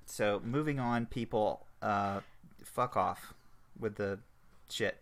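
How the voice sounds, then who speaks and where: A middle-aged man co-hosting a casual podcast, ranting in an animated, exasperated way with plenty of profanity. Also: on the low side, slow. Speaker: podcast co-host. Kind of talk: casual chat.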